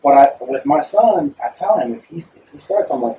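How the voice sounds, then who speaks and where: A man with a mellow, middle-pitched voice joins in casual podcast talk, agreeable and quick with short affirmations. He sounds set back from the mic in an echoey room. The sound is dull, with faint noise behind. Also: animated, recorded from a distance. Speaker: podcast co-host. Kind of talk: casual chat. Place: recording studio.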